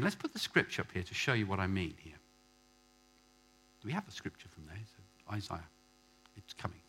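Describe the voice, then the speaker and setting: A male pastor preaching a sermon, swinging from quiet asides to loud, emphatic lines and calling out questions to the congregation. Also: fairly low pitch, breathy edge. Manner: calls out questions for the congregation to answer.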